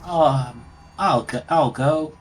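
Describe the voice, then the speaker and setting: A man's voice: a little high, takes it slowly, soft background music. A man playing a tabletop game, joking and hesitating with fillers. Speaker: player. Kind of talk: casual game chat.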